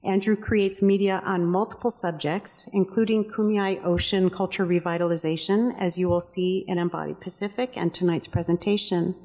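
A woman reading speaker introductions at a public event in a measured, formal way, as host and co-curator. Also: on the low side, steady tone, dark tone. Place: aquarium event hall. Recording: long reverb of a hall.

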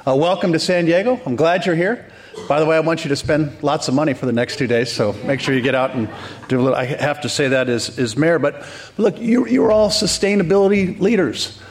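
A man's voice: medium pitch, a little fast. A man giving a welcome speech at a conference as mayor, upbeat with joking asides and frequent restarts.

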